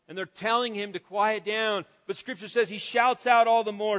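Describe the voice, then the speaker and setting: A man preaching an earnest sermon, often repeating his words and rising to loud cries. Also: sits high, normal speed, hardly any pauses. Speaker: pastor. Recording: dull sound with long reverb.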